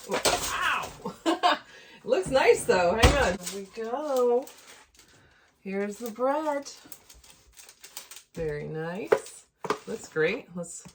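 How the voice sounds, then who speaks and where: A woman's voice: medium pitch, background noise. Chatty woman cooking at home. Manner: chatty, talks viewers through each step. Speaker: home cook and channel host. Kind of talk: casual cooking demo. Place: home kitchen.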